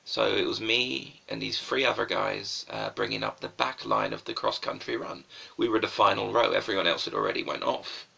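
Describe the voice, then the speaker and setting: A man's voice: fairly low pitch, steady tone, moderate pace, gravelly, pushed and bright, husky. A young man rambling through stories on a live stream, swearing often and mocking himself.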